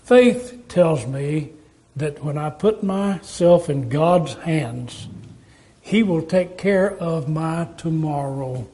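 A man's voice: a little high, takes it slowly, dark tone. A man preaching a sermon in a folksy, storytelling way, asking his listeners rhetorical questions.

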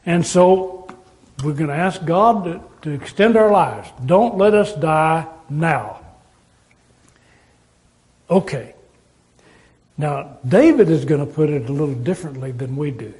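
Guy preaching, kinda high voice, takes it slow, earnest and emphatic. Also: expressive, a little mellow. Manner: earnest, emphatic with rhetorical questions. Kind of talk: sermon.

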